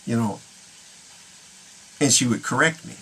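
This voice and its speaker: A man's voice: mid-range voice, unhurried, bright, forceful tone, slight background noise. A middle-aged man talking casually to camera in a rambling, chuckling way, now and then slipping into Spanish phrases. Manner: rambling, chuckling, drifts between English and Spanish. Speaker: vlogger.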